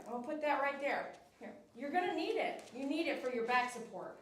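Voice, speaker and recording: Woman groomer, fairly high voice, gentle coaxing tone, mic set back from her, faint clipper hum behind. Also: expressive, fairly quick. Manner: coaxing and soothing toward the dog, chatty asides to viewers. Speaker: dog groomer. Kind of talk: live-streamed grooming chat. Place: grooming salon, indoors. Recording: echoey room, mic at a distance.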